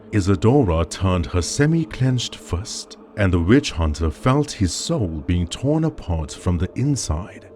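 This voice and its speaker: A man narrates a grim witch story in a deep, dark, mellow voice. He takes his time, with lingering pauses and a lively, swooping delivery. Faint music plays underneath. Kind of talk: scripted horror story narration. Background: faint background music.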